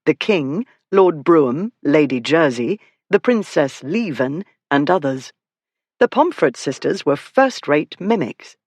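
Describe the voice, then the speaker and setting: An audiobook narrator giving a steady, scripted reading of a historical romance. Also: medium pitch, no room sound.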